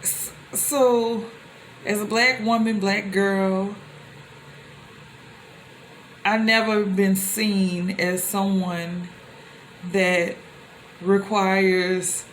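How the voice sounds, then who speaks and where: A young woman telling personal stories to the camera in a loose, conversational way, with animated exclamations. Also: mid-range voice, drawn-out words, long pauses, a little hiss or hum. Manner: animated, with rising exclamations when quoting others; loose and conversational, with many fillers and restarts. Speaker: vlogger.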